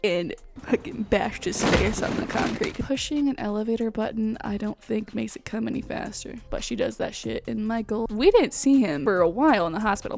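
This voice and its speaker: A woman hosting a casual movie recap, swearing freely and telling the story with animated energy. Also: on the high side, moderate pace, vocal fry. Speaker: host.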